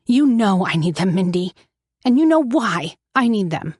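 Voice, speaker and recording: A woman's voice: mid-range voice, big pitch swings, normal speed, a little mellow, breathy edge, no room sound, clean studio sound. A woman voicing a desperate, bitter young woman who craves pills, pleading and accusatory in turn. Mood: begging.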